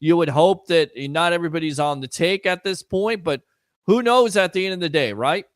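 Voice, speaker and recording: A man hosts a sports call-in show with a high, quick voice. The sound is dry and close. He talks in a loose, chatty way. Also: dry recording. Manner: chatty, fast, takes phone calls. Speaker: radio show host. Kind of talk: casual sports talk radio.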